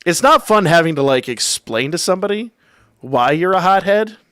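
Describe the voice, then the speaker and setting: A man's voice: high-pitched, lively intonation, moderate pace, fairly bright tone, clean tone, dry recording, clean studio sound. A man hosting a livestream, telling a story in a wry, profane, casual way. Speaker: livestream host.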